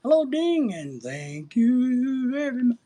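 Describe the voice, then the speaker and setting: A man's voice: extremely high pitch, very animated, takes it slowly, dark tone. A middle-aged man hosting a casual livestream, reading out chat and rambling in a crude, joking way.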